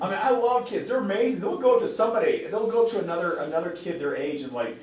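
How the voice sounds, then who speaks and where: A man giving a psychology lecture to a class, lively and expressive, often acting out voices of children and parents. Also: a little high, quick pace, hardly any pauses. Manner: animated, acts out quoted voices. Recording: echoey classroom from a distance.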